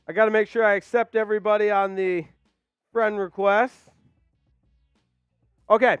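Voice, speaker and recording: Hyped high-voiced man calling football. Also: level tone, normal speed, pauses often, clear, resonant tone, dry recording, muffled recording, soft background music. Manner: hyped, shouting shout-outs. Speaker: live stream host. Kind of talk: excited watch-along play-by-play.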